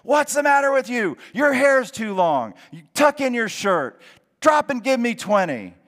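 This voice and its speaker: A man's voice: very high-pitched, big pitch swings, unhurried, in a large hall, pitched above the performer's own voice, heavily acted. A male preacher voicing a harsh army drill sergeant who barks orders at a recruit. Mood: furious. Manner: barking shouted orders.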